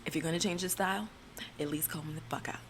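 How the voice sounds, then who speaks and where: A woman's voice: low voice, quick pace, a little hiss or hum. A woman giving casual, blunt and profane reality TV recap commentary, rambling with fillers and restarts.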